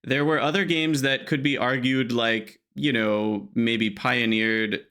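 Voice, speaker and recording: A man's voice: mid-range voice, steady tone, slow, sharp tone, clean tone. A man co-hosting a podcast in casual chat, articulate and analytical, prone to short tangents. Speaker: podcast co-host.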